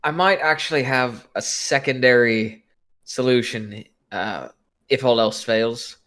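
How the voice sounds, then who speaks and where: Halting man playing a tabletop character. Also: mid-range voice, a bit bright. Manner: halting, full of fillers and restarts. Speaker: player. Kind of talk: in-character tabletop role-play.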